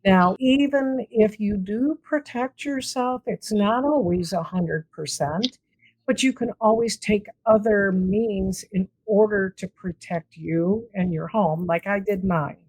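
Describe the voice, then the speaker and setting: On a poor, dry recording, a woman talks slowly at a medium pitch. She is an interviewed guest and paranormal investigator whose casual storytelling turns animated as she acts out quoted dialogue.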